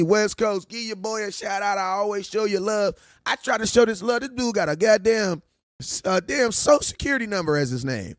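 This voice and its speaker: A young man talking fast and loose on a sports stream, his voice riding high and swinging widely. He jokes and laughs through the rant, and the sound is close and dry. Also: no room sound. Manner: animated, laughing, joking. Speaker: sports vlogger. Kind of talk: casual livestream rant.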